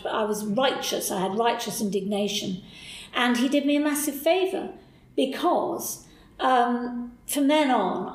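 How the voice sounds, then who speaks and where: A woman guest telling stories from her career in a lively, animated way. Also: mid-range voice, roomy sound, low-quality recording. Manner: lively, animated storyteller, voices people in quotes. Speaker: podcast guest. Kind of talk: candid interview storytelling.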